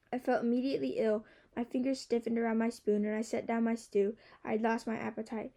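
A woman narrating a first-person novel aloud in a steady, expressive way. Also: fairly high pitch, fast talker, hardly any pauses. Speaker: audiobook narrator.

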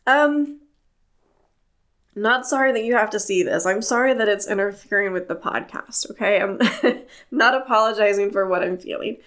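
A woman's voice: mid-range voice, normal speed, a bit bright. A woman hosting her own podcast, speaking in a candid solo monologue with an earnest, impassioned, plain-spoken manner. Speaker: podcast host.

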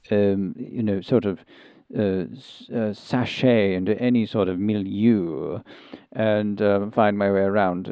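A man's voice: lowish voice, dry recording, muffled recording. A man doing a dithering posh English gent. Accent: English, Sussex. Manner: hesitant, rambling, many ums and restarts; prim and genteel. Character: posh English gentleman turned country singer, fussy and dithering. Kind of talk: improvised comedy interview.

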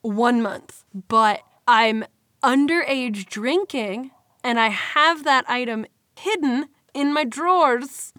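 A woman's voice: on the high side, takes it slowly, fairly bright tone, no room sound, studio quality. A woman co-hosting a podcast in casual chat, playful and teasing as she fires off questions, laughing often. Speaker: podcast co-host and commentator.

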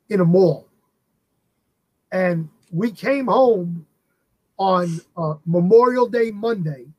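A man telling a casual, animated story as an actor guest on a podcast, acting out the people he quotes. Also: sits high, breathy edge, no room sound, poor audio.

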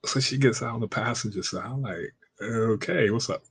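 Man, husky low voice, dry close sound, casual storytelling, slangy, acts out dialogue. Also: normal speed, no echo. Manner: acts out quoted dialogue in a raised voice; slangy, conversational.

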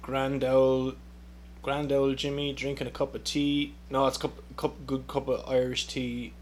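A man's voice: mid-range voice, completely flat delivery, unhurried, slight background noise. A man hosting a podcast in a casual solo rant, sarcastic and profane, rambling with lots of fillers. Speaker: podcast host.

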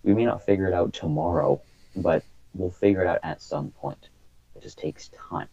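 A man's voice: lowish voice, lively intonation, moderate pace, vocal fry, dark tone, lo-fi sound. A young man talking hesitantly on a casual podcast, full of fillers. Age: young adult. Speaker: podcast co-host.

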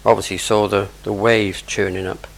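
Gravelly-voiced male preacher. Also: lowish voice, little pitch movement, fairly quick, low-quality recording. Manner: explains verse by verse, conversational asides. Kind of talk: sermon on scripture.

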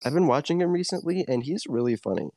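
A man's voice: on the high side, sing-song, quick pace, a little mellow, dry recording, studio quality. A seventeen-year-old boy hosting a podcast, chatting casually and rambling with lots of "like" and "dude". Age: teens. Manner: rambling, filler-heavy "like" and "dude". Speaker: podcast host. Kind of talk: casual chat.

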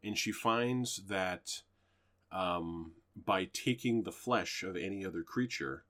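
A man's voice: deep voice, fairly bright tone. A man co-hosting a podcast, casually chatting and loosely retelling a movie plot with fillers and the odd swear. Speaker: podcast co-host. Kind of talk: casual chat reviewing movies.

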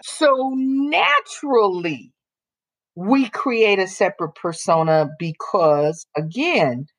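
A woman co-hosting a casual opinion chat, talking bluntly and emphatically and slowing down to press her points. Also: mid-range voice, lively intonation. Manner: emphatic, blunt, drops into slow deliberate points. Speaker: co-host.

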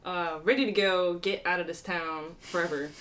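A woman's voice: fairly low pitch, fairly even intonation, moderate pace, a bit bright. Chatty young woman golfer telling stories. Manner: chatty storyteller, laughs often. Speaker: professional golfer. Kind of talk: casual chat.

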